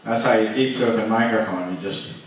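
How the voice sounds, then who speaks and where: A man doing an open-mic stand-up set in a comedy club, halting often with uhs and restarts. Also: on the low side, recorded from a distance, slight background noise. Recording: echoey club miked from afar.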